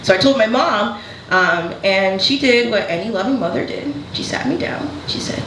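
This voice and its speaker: A woman's voice: mid-range voice, animated, moderate pace. A woman doing a stand-up comedy set in a casual, candid way, often laughing through her lines. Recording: echoey room with background noise.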